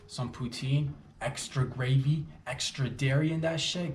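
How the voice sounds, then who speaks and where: Canadian guy doing a rambly comedy rant, mid pitch, echoey room w/ faint background hum. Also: moderate pace, few pauses. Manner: animated, rambling, jokey rants with sudden loud bursts. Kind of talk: comedic monologue. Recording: roomy echo, faint background ambience.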